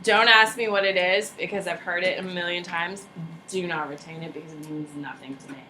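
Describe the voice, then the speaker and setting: A young woman teaching a high school history class, lively and casual, joking and chatting with her students between points. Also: fairly quick, a little hiss or hum. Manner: animated, casual and slangy, jokes with students. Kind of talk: classroom lecture.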